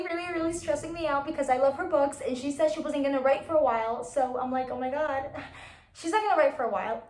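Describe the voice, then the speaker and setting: A young woman chatting casually about her unread books, rambling with restarts and quick apologies. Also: a little high, roomy sound. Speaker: book vlogger.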